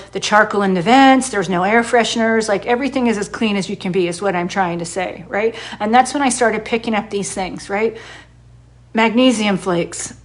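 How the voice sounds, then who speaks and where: A woman in casual talk, blunt and profane, ranting quickly and often asking "right?" as she tells her story. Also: mid-range voice.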